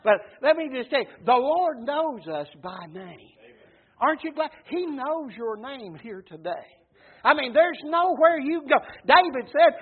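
High-voiced preacher, phone-like sound. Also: male voice, normal speed. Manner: folksy storytelling preacher, calls out "Amen?". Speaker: pastor. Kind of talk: sermon. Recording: muffled phone-like recording.

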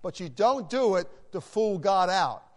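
A man's voice: high voice, lively intonation, a little slow. A man preaching a sermon as pastor, emphatic, repeating key phrases for his listeners. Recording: long hall reverb.

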